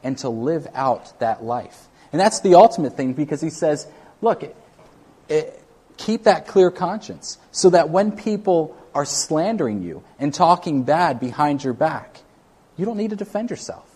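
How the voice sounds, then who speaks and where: A man's voice: a little high, animated, unhurried, dark tone, husky. A man preaching a sermon to a congregation, talking in a loose, conversational way with frequent restarts. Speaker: pastor.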